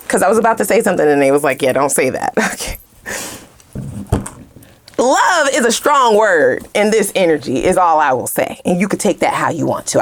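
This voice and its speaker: A woman giving a casual tarot reading to her viewers in a heated, animated way, swearing freely and speaking straight to the camera with slang. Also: mid-range voice. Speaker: tarot reader.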